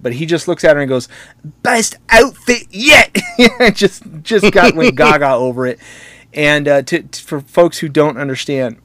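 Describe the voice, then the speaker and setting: A man's voice: medium pitch, dry recording. Chatty, joking man telling stories. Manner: jokey, rambling, laughs at his own stories. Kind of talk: casual conversational storytelling.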